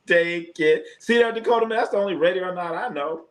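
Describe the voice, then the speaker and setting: Animated man hosting a sports livestream. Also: high voice, brisk. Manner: animated, jokey, reacts to chat. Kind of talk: casual live chat commentary.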